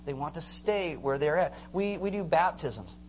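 Pastor, animated sermon, casual slang, acts out voices, faint hum underneath. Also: mid-range voice, moderate pace, poor audio.

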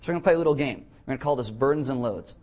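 A man's voice: medium pitch, lively intonation, rapid-fire, a little mellow. A man preaching a sermon as pastor of a church, telling blunt stories with jokes. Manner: blunt, joking storyteller. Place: church, before a congregation.

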